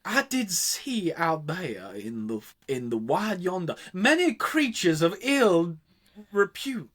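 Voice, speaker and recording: A podcast host voicing an old folksy male sentry who has stood guard for years, slow and drawling. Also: mid-range voice, big pitch swings, fairly bright tone, voice pushed up, exaggerated voice. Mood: declaring.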